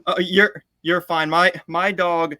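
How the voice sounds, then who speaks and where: A man's voice: sits high, little pitch movement, takes it slowly, pushed and bright. A man in his twenties hosting a podcast interview, telling stories eagerly and often stammering and repeating words. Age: 20s. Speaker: podcast host. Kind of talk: casual interview chat.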